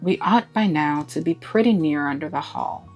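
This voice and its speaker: A woman voicing a steady, commanding old male badger in a storybook, speaking placidly. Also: sits low, normal speed, highs cut off, faint music behind, natural voice. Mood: placid firm.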